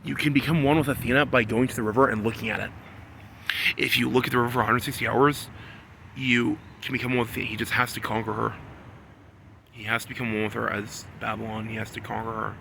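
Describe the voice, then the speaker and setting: A man in a rambling solo monologue, repeating himself and swinging between low muttering and loud, insistent scolding. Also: flat delivery, fast talker, creaky, slight background noise. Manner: repetitive, talks about himself in the third person. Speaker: vlogger.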